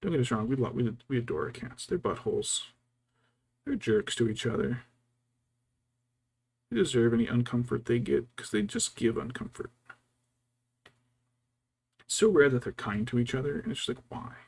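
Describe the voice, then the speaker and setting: A man, a VTuber, chatting casually and telling stories while painting miniatures, slipping into quiet whispers and quick mock voices. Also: mid-range voice. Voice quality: gravelly and husky. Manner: storytelling, doing brief mock voices for his wife and cats; often drops to a quiet whisper.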